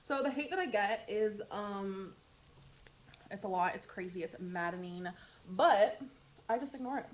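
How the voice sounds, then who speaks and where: A woman's voice: medium pitch, unhurried, pauses often, a little hiss or hum. A woman chatting through her makeup routine in a get-ready-with-me vlog, upbeat and talkative, with wry sarcastic asides. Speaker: beauty vlogger.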